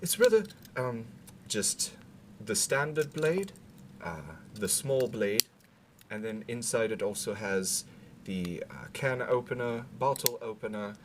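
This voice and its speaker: Low-voiced man in a put-on British accent. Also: background noise. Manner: halting, filler-heavy rambling with dry asides. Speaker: gear demonstrator. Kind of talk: casual gear walkthrough.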